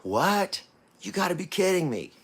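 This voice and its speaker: Male podcast host, fairly high voice, blunt preachy delivery, swings from hush to loud. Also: sing-song, normal speed, vocal fry, breathy edge. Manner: coarse language, blunt. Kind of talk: motivational talk.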